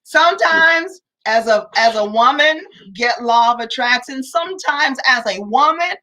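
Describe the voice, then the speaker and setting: Woman co-host, high and bright, lively storyteller on a live chat show. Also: unhurried, poor audio. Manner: animated storytelling, addresses viewers as y'all. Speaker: co-host of a family talk livestream. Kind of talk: casual livestream chat.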